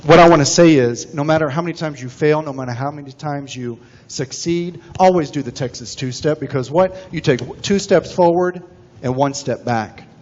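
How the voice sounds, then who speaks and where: A man preaching a sermon as senior minister in a chapel, folksy and animated as he tells stories. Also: on the high side, moderate pace. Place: chapel sanctuary. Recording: dull recording, long hall reverb.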